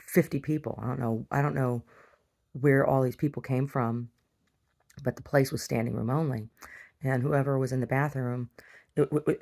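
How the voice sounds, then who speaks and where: A woman's voice: a bass voice, vocal fry, a little mellow. A woman telling a personal story in a video diary, rambling with many restarts and asides. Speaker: video diarist. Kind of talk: casual storytelling.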